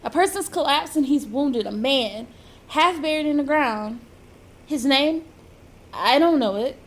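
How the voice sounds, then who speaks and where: A woman's voice: high-pitched, animated, unhurried. A woman voicing a frantic teenage girl calling for help in an anxious, urgent, raised voice.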